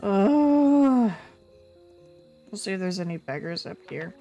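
A woman streaming a game live, chatting casually with her viewers and reacting out loud to the game. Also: lowish voice, fast, gravelly, soft background music. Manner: chatty, reads chat, bursts into loud frustrated yelps.

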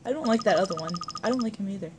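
A woman's voice: mid-range voice, expressive, racing, noisy background. Playful woman chatting over a game. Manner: playful, reads game text aloud, jokey. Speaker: let's play co-host. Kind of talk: casual gameplay chat.

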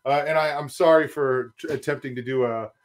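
A man's voice: mid-range voice, fairly even intonation, brisk. A man co-hosting a casual reaction podcast, rambling with lots of fillers as he talks. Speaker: podcast co-host.

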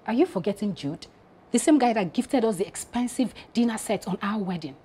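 An actress with a Nigerian accent playing a hot-tempered wife and businesswoman who demands payment from a friend, her voice jumping from sharp outbursts to low murmurs. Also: animated, a little hiss or hum, close to an everyday voice. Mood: soothing defensive. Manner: sharp, demanding, quick to rise then drop to a low murmur.

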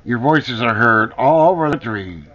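This is a vlogger's furious, foul-mouthed rant to the camera, with accusations repeated for emphasis. He has a medium-pitched, fairly bright voice and sounds animated at a normal pace. The recording is lo-fi and dull.

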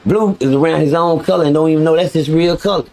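Profane, animated male storyteller. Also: on the high side, fast. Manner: profane, animated, addresses listeners directly. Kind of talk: casual storytelling.

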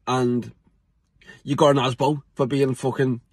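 A man's voice: mid-range voice, little pitch movement, a little slow, husky, no room sound. A middle-aged man with a British accent, ranting bluntly to camera in a casual vlog, swearing freely and laughing often between points. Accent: British English. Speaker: vlogger.

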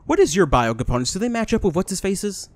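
A young man casually commentating a video game as he plays, excitable, laughing often and swearing at the screen. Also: high-pitched, brisk, dry recording. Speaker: gaming YouTuber. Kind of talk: casual let's-play commentary.

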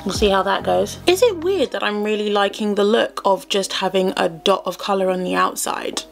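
Chatty woman with a gravelly edge. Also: medium pitch, normal speed. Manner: chatty, self-deprecating, rambling asides. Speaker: beauty vlogger. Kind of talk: casual makeup tutorial chat. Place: home room, indoors. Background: faint background music.

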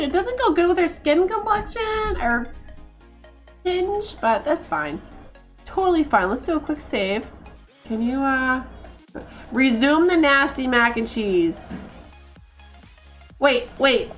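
A woman streamer talks over her game with a high voice that swings widely in pitch. She is excitable and quick to laugh or groan in exasperation, and faint music plays behind her. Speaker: gaming streamer. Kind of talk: casual gameplay commentary.

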